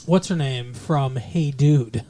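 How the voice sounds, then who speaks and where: A man's voice: mid-range voice, takes it slowly, dark tone. A man co-hosting a casual movie review podcast, rambling and joking, often breaking into mock impressions. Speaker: podcast co-host.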